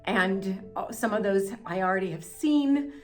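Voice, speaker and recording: Holding the camera herself in a house cellar, an American woman makes a casual vlog, her talk emotional, apologetic, and rambling. Her medium-pitched voice is expressive and measured, with faint music behind it.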